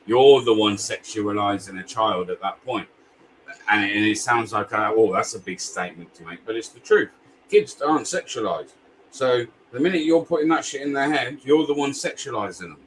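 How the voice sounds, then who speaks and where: A man's voice: mid-range voice, moderate pace, slight background noise. A British man in a heated casual debate, blunt and swearing, calling others "mate".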